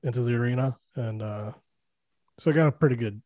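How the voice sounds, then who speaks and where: A man's voice: medium pitch, fairly quick, warm tone, no echo, highs cut off. A man co-hosting a podcast, breaking down a movie in loose, profane chat and laughing often. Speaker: podcast co-host.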